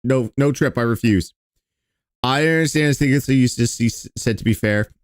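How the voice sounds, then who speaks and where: A man's voice: medium pitch, moderate pace, no room sound, studio quality. A man streaming, reacting to an old video in a casual, sarcastic and profane way.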